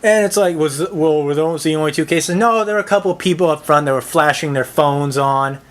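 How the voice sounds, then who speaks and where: Exasperated, profane male vlogger ranting. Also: a little high. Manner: halting, full of restarts and "like". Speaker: movie reviewer. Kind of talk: ranting movie-theater story.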